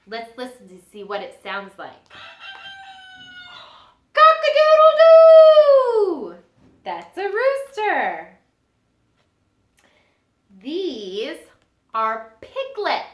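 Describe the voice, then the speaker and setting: Young woman teacher reading a kids' storybook, real slow, bright voice, echoey room. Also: fairly high pitch. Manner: slow, gentle and animated, making animal noises. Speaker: preschool teacher. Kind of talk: reading a storybook and singing to children.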